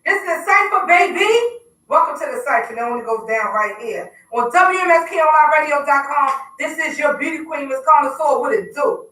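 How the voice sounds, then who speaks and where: A woman hosting a casual hip hop radio show, talking loud and teasing her co-hosts with a laugh. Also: high-pitched, a little fast, few pauses, roomy sound, distant mic, a little hiss or hum, low-quality recording.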